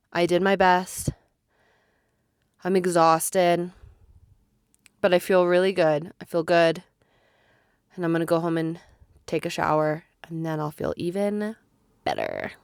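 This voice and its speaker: A woman's voice: medium pitch, dry recording. Chatty woman vlogging from her car. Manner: chatty, self-deprecating, rambling with fillers. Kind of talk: casual vlog chat. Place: parked car. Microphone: phone held close.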